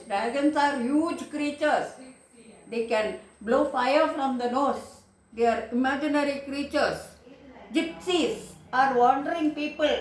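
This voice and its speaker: High-voiced woman teaching a poem. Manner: slow, explanatory, repeats and paraphrases lines. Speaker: English teacher. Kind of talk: explaining a poem in an online lesson. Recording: echoey room.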